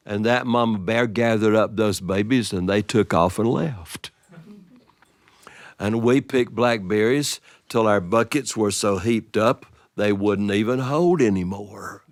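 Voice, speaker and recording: A man telling a personal story to an audience, expressive with drawn-out pauses and lively vocal play. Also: lowish voice, no echo, clean studio sound.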